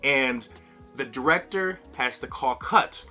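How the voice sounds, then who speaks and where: A man speaks straight to his camera in a casual vlog and tells a personal story with animated energy. His voice has a bright, forward edge and a middling pitch. Faint music sits quietly underneath. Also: takes it slowly. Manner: animated, acts out other people's lines. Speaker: vlogger.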